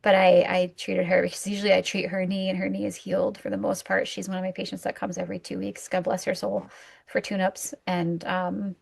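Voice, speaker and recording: A woman acupuncturist chatting casually about patient cases, an animated storyteller who pokes fun at herself. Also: mid-range voice, creaky, slightly rough. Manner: animated storyteller, self-mocking, quick asides. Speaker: acupuncturist, co-host. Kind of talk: casual clinical chat.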